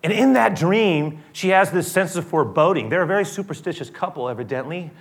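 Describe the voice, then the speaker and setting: A male pastor preaching a sermon in an animated, storytelling way with frequent restarts. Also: high-pitched, a little fast.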